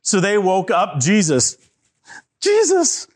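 Male children's Bible teacher: high, very animated voice, unhurried storytelling. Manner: animated, asks kids to join in with actions.

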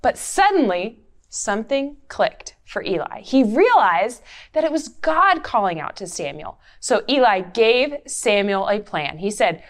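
A woman's voice: mid-range voice, very animated, unhurried. A woman leading an interactive Bible story for children, playfully coaxing them to join in. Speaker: children's Bible lesson leader.

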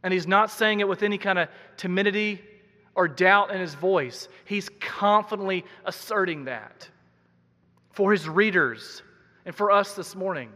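A man's voice: high-pitched, normal speed, pushed and bright. A man preaching a sermon as pastor, earnest and emphatic, repeating key words for weight. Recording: long hall reverb.

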